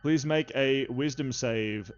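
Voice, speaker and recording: A man running a tabletop game as game master, narrating in a relaxed way with frequent filler sounds. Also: medium pitch, slow pace, lo-fi sound, faint music behind.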